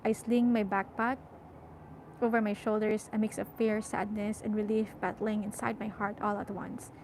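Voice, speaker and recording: A woman's voice: mid-range voice, level tone, moderate pace, noisy background. A young woman reading a novel aloud, often correcting herself and stopping to chat about how emotional the story makes her. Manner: emotional, self-correcting, chatty. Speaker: audiobook reader.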